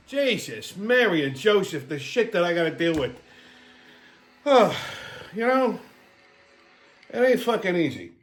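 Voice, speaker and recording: A man hosting a weekly show, telling blunt, profane comic stories and rants, tagging lines with "okay?" and rapid asides. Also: high voice, lively intonation, fairly bright tone. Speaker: host. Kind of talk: profane comedic weekly rant.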